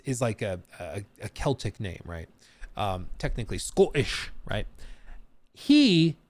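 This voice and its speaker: A man's voice: mid-range voice, no echo. An American man in his thirties hosting a livestream, chatting casually with a rambling, laughing manner. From United States. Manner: animated, rambling, laughs often. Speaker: streamer host.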